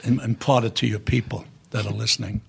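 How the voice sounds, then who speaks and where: An older man as a podcast guest, telling blunt, profane anecdotes in an animated, storytelling way. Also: on the low side, quick pace, gravelly, husky.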